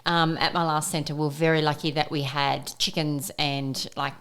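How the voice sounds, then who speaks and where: A chatty middle-aged woman, talking casually as a childcare educator on a podcast. Her voice sits on the low side, and she laughs easily as she tells her stories. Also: flat delivery, normal speed, fairly bright tone, smooth.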